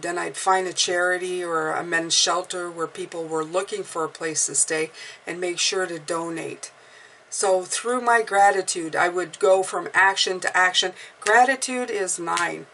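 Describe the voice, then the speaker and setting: A woman with a slightly low voice gives a casual, encouraging spiritual pep talk as a tarot reader. She repeats her points and takes audible deep breaths. She sits a little back from the mic, with faint noise behind her. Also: a bit bright, far from the mic, rough recording. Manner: encouraging, repeats herself, breathes deeply aloud.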